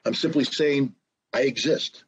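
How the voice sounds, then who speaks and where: Husky American man in his sixties, emphatic interview guest, dull lo-fi audio. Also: medium pitch, unhurried. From United States. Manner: emphatic, repeats phrases, acts out quoted speech. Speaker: guest, former weapons inspector and analyst. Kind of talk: forceful political commentary in an interview.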